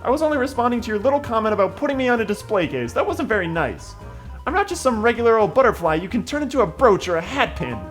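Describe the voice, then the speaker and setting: A man's voice: very high voice, sing-song, fast, soft background music, pitched above the performer's own voice. A man voicing a timid, prim talking butterfly in a video game, speaking in a fussy, plaintive way.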